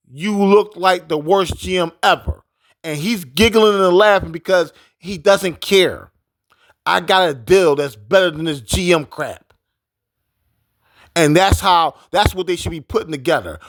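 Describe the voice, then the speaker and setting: A man's voice: high voice, a little slow, a bit bright, no echo. A man giving a casual, heated sports opinion rant. He repeats his points with emphasis. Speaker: sports commentator.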